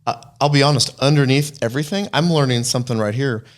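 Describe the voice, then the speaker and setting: A man's voice: medium pitch, fast. A man co-hosting a casual faith podcast, talking earnestly, quoting scripture and throwing in jokes. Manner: earnest, preachy, quotes scripture, joking asides. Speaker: podcast co-host.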